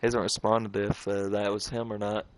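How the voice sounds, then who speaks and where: A man's voice: lowish voice, flat delivery, moderate pace. A tired man casually chatting while streaming a game late at night, rambling with fillers and restarts. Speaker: gaming streamer. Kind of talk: casual chat while gaming.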